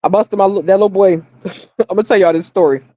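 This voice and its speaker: Here a middle-aged livestream host chats casually, full of blunt opinions and free swearing, telling stories and stressing points by repeating them. Her mellow, medium-pitched voice moves fast. The sound is dry and lo-fi.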